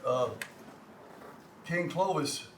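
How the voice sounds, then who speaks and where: An older man with a Texan accent teaches a community language class. He lectures from slides in a halting, folksy way, often repeating words and joking with the class. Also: on the high side. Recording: roomy, distant mic, faint hum.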